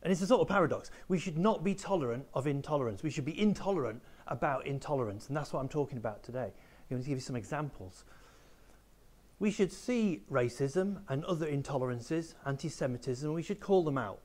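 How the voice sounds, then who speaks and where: A man's voice: a little high, lively intonation, fairly quick, a little mellow. Male teacher giving an assembly talk. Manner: explanatory, addresses pupils directly. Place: school room with a small live audience.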